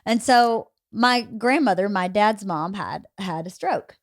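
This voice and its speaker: A woman's voice: mid-range voice, animated, takes it slowly, no echo. Candid woman podcast host, dry sound. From Georgia. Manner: candid storytelling, swears casually. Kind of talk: casual conversation.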